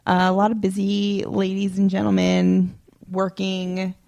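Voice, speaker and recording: Gravelly-voiced young woman co-host. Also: mid-range voice, measured pace, no room sound, highs cut off. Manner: relaxed, conversational, frequent "like". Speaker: podcast co-host. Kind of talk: casual chat.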